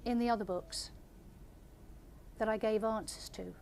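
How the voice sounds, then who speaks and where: An older woman, an author, reading her story aloud in a measured, gentle way and answering audience questions. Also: fairly high pitch, fairly even intonation, vocal fry, a little hiss or hum. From England.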